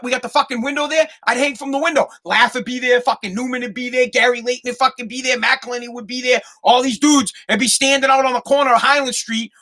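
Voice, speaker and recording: A middle-aged American man hosting a podcast, telling comedic stories in an animated, heavily profane way. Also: very high-pitched. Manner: animated and profane, swears constantly. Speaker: podcast host.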